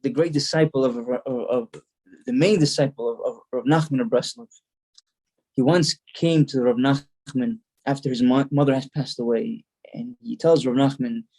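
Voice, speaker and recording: A man's voice: medium pitch, fairly even intonation, moderate pace, a little mellow. A male rabbi giving a storytelling sermon, earnest, repeating words as he builds the story.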